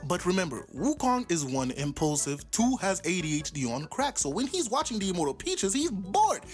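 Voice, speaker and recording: A man's voice: high voice, normal speed, hardly any pauses, soft background music. A young man retelling an old myth as a casual comedy story, talking in slang and acting out the characters. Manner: slangy, animated, acts out characters.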